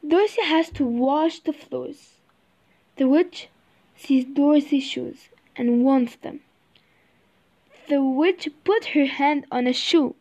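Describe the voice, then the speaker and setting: A woman reading a children's storybook aloud, slow and halting, sometimes repeating words. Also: sits high, mellow. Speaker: reader. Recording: slightly dull recording.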